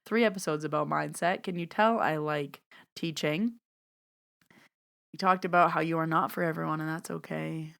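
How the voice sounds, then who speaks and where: A woman's voice: low voice, fairly even intonation, normal speed, gravelly, fairly bright tone. A woman hosting her own podcast, chatting through a reflective, heartfelt year-end recap as a medium and teacher.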